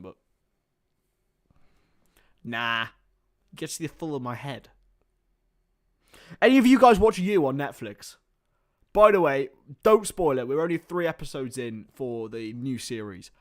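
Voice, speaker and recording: A young man hosts a live football watchalong, blending play-by-play commentary with rambling, chatty asides and getting excited whenever there's a chance. His voice is medium in pitch.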